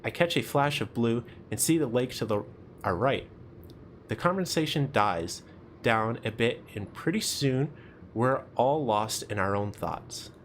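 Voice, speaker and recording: Brief: young man, mid-pitched, reads a game story aloud and breaks off to chat casually. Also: expressive, a little slow, slight background noise. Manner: casual, chatty asides with laughter. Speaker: streamer reading a visual novel.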